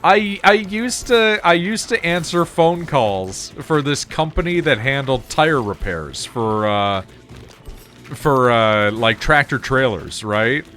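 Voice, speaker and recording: Male streamer, mid-pitched voice, loose and swearing, light music underneath. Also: slow, a bit bright. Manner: chatty and laughing, swears freely while telling anecdotes. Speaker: gaming streamer. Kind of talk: casual gameplay commentary.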